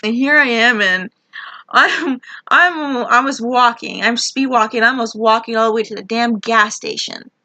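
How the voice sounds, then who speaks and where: A woman's voice: on the high side, unhurried, pushed and bright, no echo. A young woman telling a frustrated, rambling story about her job, swearing a lot as she vents. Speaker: vlogger. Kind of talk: ranting personal story.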